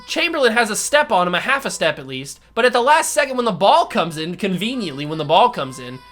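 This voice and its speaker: A man hosting a gaming channel, ranting furiously through live gameplay commentary, swinging from shouts to low mutters. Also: sing-song, fairly quick, soft background music.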